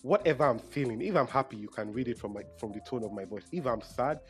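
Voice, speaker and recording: A man's voice: mid-range voice, expressive, fast talker, soft background music. A young Nigerian man talking casually in a solo monologue, emotional and often correcting himself mid-sentence. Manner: chatty, self-correcting, emotional.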